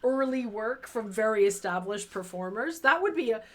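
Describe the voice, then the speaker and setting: Lively teasing woman co-host. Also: a little high, moderate pace, a crowd in the background. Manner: teasing, playful banter. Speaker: podcast co-host. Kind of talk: livestream chat.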